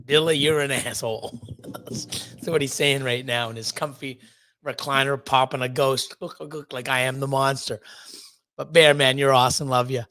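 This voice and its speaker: A man's voice: medium pitch, little pitch movement, normal speed, bright, forceful tone, dry recording. A man hosting a live stream, greeting chat viewers one by one in a rambling, loose way with lots of fillers. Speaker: livestream host.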